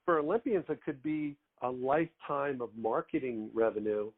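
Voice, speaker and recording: A middle-aged man hosting a podcast, asking long, deliberate questions. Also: medium pitch. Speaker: podcast host. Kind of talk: interview questions. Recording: tinny phone-like audio.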